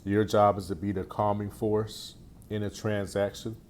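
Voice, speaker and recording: A man's voice: fairly low pitch, little pitch movement, normal speed, a little mellow, a little hiss or hum. A man speaking casually as a real estate coach, sharing sales advice in a loose, conversational way with frequent restarts. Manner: conversational, repeats phrases and restarts often. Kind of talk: casual teaching talk.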